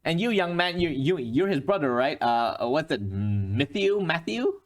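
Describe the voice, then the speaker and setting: A man voicing a brash, bossy middle-aged male horror film director who talks smoothly. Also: fairly high pitch, very animated, a little slow, pitched above the performer's own voice. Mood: sizing up. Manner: bossy, upbeat, claps people into place.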